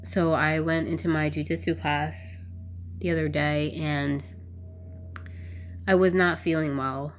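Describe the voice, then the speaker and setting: Low-pitched woman vlogging, candid and rambly, says "like" a lot. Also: fairly even intonation, a little slow, long pauses, slight background noise. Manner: candid, rambling, lots of "like" fillers. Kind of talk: casual talk to camera.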